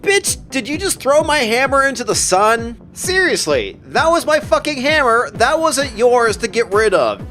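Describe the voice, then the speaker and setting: A guy voicing an outraged whiny thunder god, pitched up high. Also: sing-song, normal speed, hardly any pauses, pushed and bright, soft background music, exaggerated voice. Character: indignant male thunder god.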